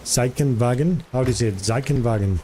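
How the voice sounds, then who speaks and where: A man's voice: medium pitch, a little fast, warm tone, a little hiss or hum. A man streaming live in casual chat, curious and talkative, repeating foreign words aloud to practice them.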